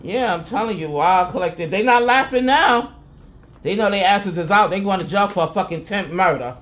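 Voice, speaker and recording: A woman with a fairly low voice talks a little fast while giving a casual spiritual reading to her viewers. The intuitive reader swears plenty, speaks emphatically, chuckles often, and repeats "I'm telling you."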